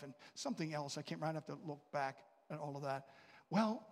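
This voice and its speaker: A man's voice: fairly high pitch, expressive, brisk. A man preaching a sermon, telling stories and asking the congregation questions. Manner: storytelling, with asides and questions to the congregation. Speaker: pastor. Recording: long reverb of a large hall.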